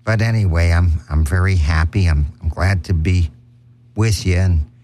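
A man's voice: low-pitched, normal speed, dark tone, slight background noise, voice pushed down, lightly acted. A man doing an impression of a vain, flamboyant showman pianist, with fawning greetings and campy punchlines. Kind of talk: comic impression monologue.

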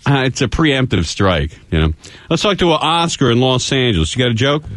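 A man's voice: medium pitch, very animated, brisk, a bit bright, no echo. A man hosting a call-in radio talk show, joking loosely and laughing often. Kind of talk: casual call-in radio banter.

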